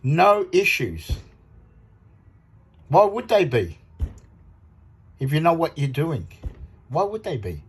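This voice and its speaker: A man chatting in a casual product vlog about audio amp parts, rambling and excitable, laughing often. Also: on the high side, slow, long pauses, breathy edge.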